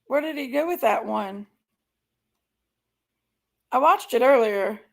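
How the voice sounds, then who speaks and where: A woman's voice: fairly high pitch, lively intonation, slow, vocal fry. A woman hosting a live stream, reacting to videos with indignant, exasperated commentary to her chat. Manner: indignant, exasperated, keeps apologizing to viewers.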